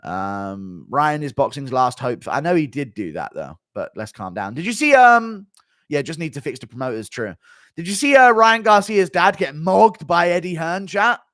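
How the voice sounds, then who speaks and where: A man's voice: on the high side, big pitch swings, moderate pace, fairly bright tone, no echo, studio quality. A man hosting a live stream, reading viewer donations and giving blunt, rambling fight commentary full of swearing.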